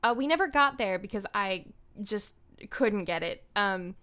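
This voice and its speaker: A woman's voice: mid-range voice, expressive, measured pace, sharp tone. A woman voice actor chatting casually on a stream, rambling and laughing often.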